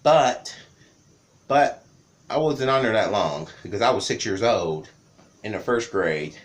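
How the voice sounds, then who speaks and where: Lively rambling man telling stories. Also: on the low side, unhurried. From Cleveland area, Ohio. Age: 30s. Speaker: vlogger. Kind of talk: casual storytelling vlog.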